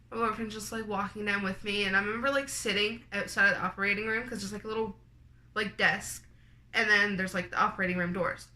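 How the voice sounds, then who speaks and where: A woman's voice: medium pitch, pushed and bright. A young woman from Canada, a vlogger, chatting to camera as she tells a personal story, full of "like" and acted-out dialogue. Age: young adult. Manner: chatty, lots of "like", quoted dialogue.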